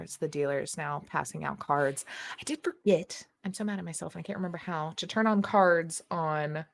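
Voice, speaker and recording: A woman's voice: low-pitched, moderate pace, creaky. A woman running a tabletop game as game master, describing scenes in a laid-back way.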